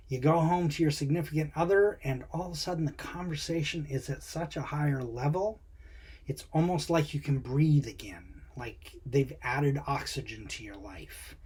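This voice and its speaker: A man's voice: on the high side, a little mellow, slightly rough. A man who coaches people on finding their purpose, talking casually and conversationally to the camera and asking the viewer questions. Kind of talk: casual motivational talk to camera.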